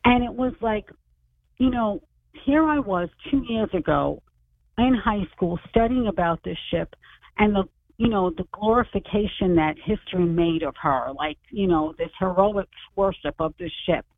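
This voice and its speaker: A woman in her sixties calls in over a thin, tinny phone line, her voice at an ordinary middle pitch. She tells her story with animation, acting out the dialogue of the people she quotes. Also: normal speed, no echo. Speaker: author and radio guest. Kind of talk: storytelling on a radio interview.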